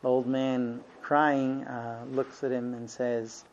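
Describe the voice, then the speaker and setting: A man's voice: medium pitch, little pitch movement, slow, few pauses, a little hiss or hum. A man giving a Torah lesson, telling a story with many ums and uhs. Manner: hesitant, frequent ums and uhs. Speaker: Torah teacher. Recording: dull lo-fi recording.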